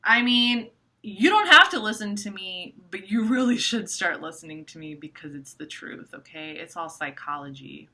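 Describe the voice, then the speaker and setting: A young woman talking casually to camera, animated and profane, full of fillers like "like" and "you know". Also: medium pitch, normal speed. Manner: animated, swears, many likes. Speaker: astrology vlogger.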